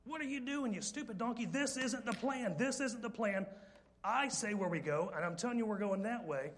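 A man's voice: sits high, lively intonation, normal speed, a bit bright, pitched above the performer's own voice. A stubborn, furious prophet ranting in a raised, strained voice, as a male preacher acts him out. He barks orders and scolds in short repeated bursts.

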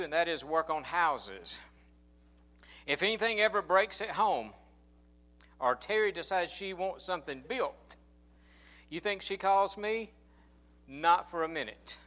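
A man's voice: fairly high pitch, a bit bright. A man preaching a sermon, telling folksy stories with stammered restarts. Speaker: pastor and song leader.

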